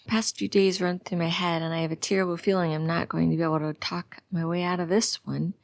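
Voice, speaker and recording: A woman's voice: lowish voice, little pitch movement, fairly quick, creaky, few pauses, no room sound, studio quality. A woman narrating a psychological thriller audiobook in the first person, in a tense, anxious way.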